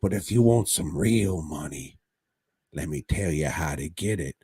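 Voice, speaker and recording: A man's voice: rumbling low, lively intonation, a little slow, dark tone, breathy edge, no echo, studio quality, voice pushed down, exaggerated voice. A man putting on a jokey cockney voice for a scheming mad doctor while retelling a horror episode. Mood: cocky. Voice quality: mock cockney accent, chummy and pushy.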